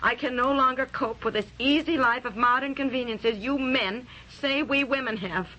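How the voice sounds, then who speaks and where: Frazzled housewife, exasperated, bright voice, 1970s radio comedy, light background hiss. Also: female voice, high voice, normal speed, dull audio. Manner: exasperated, flustered. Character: frazzled suburban housewife at wit's end.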